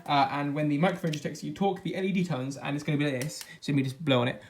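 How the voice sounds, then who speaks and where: A man's voice: a little high, fairly even intonation, rapid-fire, a little hiss or hum. Upbeat man explaining his gadget. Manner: upbeat, explains step by step while tinkering. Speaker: maker demonstrating a project. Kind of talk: casual DIY vlog narration. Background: faint background music.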